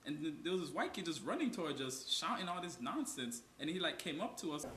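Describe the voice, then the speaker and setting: A young man in a film, quietly recounting a fight he was just in. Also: a little high, sing-song, fast talker, echoey room. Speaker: student film character. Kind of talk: film dialogue, telling a story.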